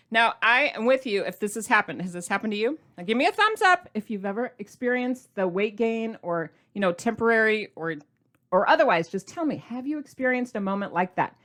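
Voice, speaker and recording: Energetic woman podcast host, higher voice. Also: fairly quick. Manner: energetic and animated, speaks directly to listeners. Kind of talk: casual motivational podcast monologue.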